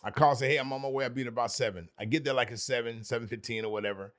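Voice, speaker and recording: A man's voice: mid-range voice, racing, fairly bright tone. A man, a podcast guest, telling an earnest personal story with emphatic repetition.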